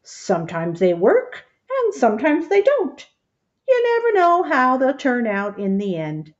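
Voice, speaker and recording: A woman's voice: high voice, huge pitch swings, unhurried, lo-fi sound, full character voice. A woman voicing a kindly, mysterious male wizard in a storybook reading, with a singsong, teasing manner. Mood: playful.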